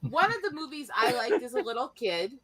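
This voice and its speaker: Bright-voiced woman telling lively family stories. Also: high voice, a little fast, breathy edge, rough recording. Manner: animated, profane, laughing while telling family stories. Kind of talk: casual storytelling chat.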